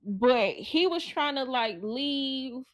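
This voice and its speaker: A woman's voice: sits high, lively intonation, slow, no echo. A woman who co-hosts a podcast, telling an emotional personal story and acting out the voices of her relatives. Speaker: podcast co-host.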